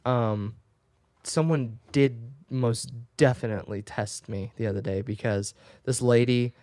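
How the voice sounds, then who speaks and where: A man co-hosting a podcast, telling animated anecdotes with laughing asides in casual chat. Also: medium pitch, a little slow, no room sound, clean studio sound. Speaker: podcast co-host.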